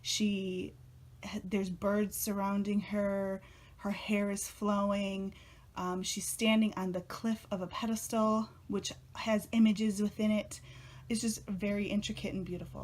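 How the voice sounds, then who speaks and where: A young woman chatting casually as a tarot vlogger, a little out of breath, bubbly and excitable and laughing often. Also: medium pitch, a little slow. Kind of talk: casual chat.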